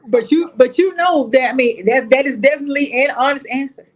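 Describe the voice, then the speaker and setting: A woman guest in a casual chat, a lively storyteller given to playful exclamations. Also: sits high, fairly quick, crowd noise.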